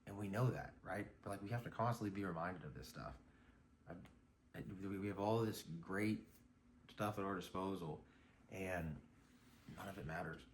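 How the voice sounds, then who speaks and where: A man's voice: deep voice, normal speed, long pauses, a little hiss or hum. A man talking casually in a vlog, rambling and reflective, with lots of fillers and restarts. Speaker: vlogger. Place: outdoors on a morning run.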